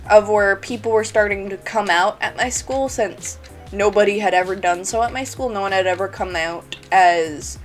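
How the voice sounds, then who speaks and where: A woman telling a storytime vlog in a chatty, giggly way, laughing between phrases. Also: fairly low pitch. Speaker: YouTuber.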